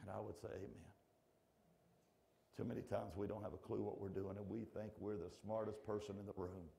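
A middle-aged male pastor preaching a folksy, animated sermon in church that swings from shouting to hushed. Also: on the low side, quick pace, gravelly, slight background noise.

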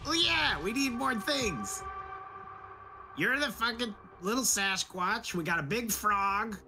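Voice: medium pitch, animated, takes it slowly, pitched above the performer's own voice. A game master voicing a rude little circus gnome who swears and insults the prisoner. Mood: snide. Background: music.

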